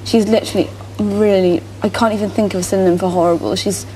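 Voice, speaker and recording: A woman's voice: mid-range voice, fairly even intonation, fast talker, dark tone, slight background noise, low-quality recording. A British woman, a reality contestant, ranting bitterly and indignantly in a diary-room confession.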